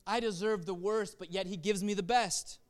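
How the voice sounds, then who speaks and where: A pastor delivers an impassioned sermon in a high, clear male voice. He moves between quiet, reflective stretches and loud, urgent calls to his listeners. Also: steady tone, normal speed. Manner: impassioned preaching that swings from soft reflection to loud exhortation.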